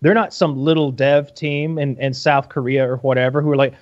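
A man's voice: mid-range voice, fairly even intonation, brisk, a little mellow, dull audio. A man co-hosting a podcast in casual chat, rambling and swearing, restarting his sentences often. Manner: rambling, profane, lots of restarts.

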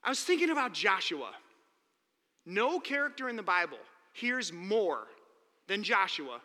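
A man gives a sermon, telling stories with animation and playing out each quote. His voice sits high and sounds very bright. It rings with a long reverb from a large hall. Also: normal speed. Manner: animated storytelling, acting out quotes.

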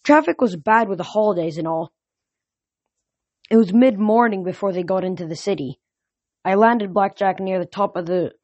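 A woman reading a novel aloud as storybook narration, in a steady, plain way with self-corrections. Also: mid-range voice, no echo. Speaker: reader. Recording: dull lo-fi recording.

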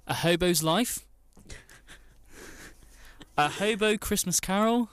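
A man's voice: high voice, takes it slowly, fairly bright tone, smooth, no echo, faint music behind. A man hosting a radio show in playful, giggly banter. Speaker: radio host.

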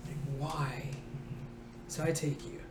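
A comedian in her forties tells a childhood story in an interview, lively and laughing, acting out the people in it. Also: deep voice, takes it slowly. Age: 40s. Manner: animated, acting out voices, laughing. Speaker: comedian guest. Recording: roomy echo, faint noise.

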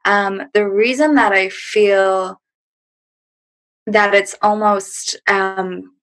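A woman speaking as a podcast guest, thoughtful and hesitant, often pausing on fillers. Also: mid-range voice, fairly even intonation, fairly bright tone. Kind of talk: reflective interview talk.

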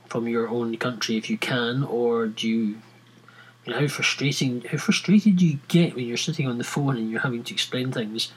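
Husky Scottish man ranting casually. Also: mid-range voice, a bit bright, low-quality recording. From Scotland. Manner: rambling, with many restarts and fillers. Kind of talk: casual rant to viewers.

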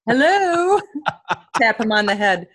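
A woman guest on an interview show tells comic stories at a quick clip, jumping between voices as she quotes people. Her voice sits in a middle register. She laughs often as she talks. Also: mid-range voice, expressive. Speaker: author and guest.

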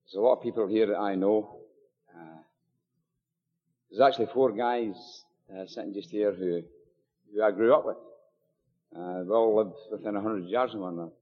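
A man's voice: lowish voice, moderate pace, pauses often. A Scottish man from near Glasgow, older, telling his recovery story at a meeting in a chatty, joking way with many fillers and asides. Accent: Scottish, Glasgow area. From Scotland. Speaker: AA meeting speaker. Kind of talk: personal recovery talk at a meeting. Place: meeting hall with audience. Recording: dull live recording in a long-echo hall.

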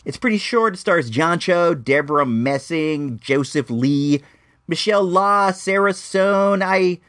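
A man's voice: fairly high pitch, animated, unhurried, fairly bright tone, no room sound, clean studio sound. A man giving a casual, rambling spoken movie review. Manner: chatty and rambling, with lots of restarts.

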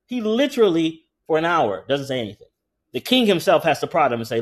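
A man preaching a sermon who talks casually with the congregation and slows way down to read scripture aloud. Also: on the high side. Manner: conversational, animated preaching with frequent asides to the congregation.

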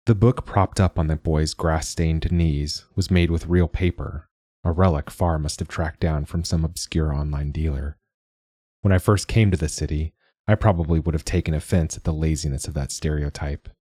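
A man giving measured, wry, reflective first-person audiobook narration. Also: a bass voice, mellow, husky, no room sound, clean studio sound.

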